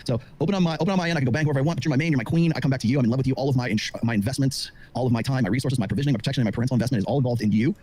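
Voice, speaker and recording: A man with a husky, slightly breathy voice holds forth on a podcast at a very fast clip. He sounds middle-aged and lectures with steady confidence, piling on fillers and restarts as he goes. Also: mid-range voice. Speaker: dating commentator on a show. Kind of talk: monologue on a podcast.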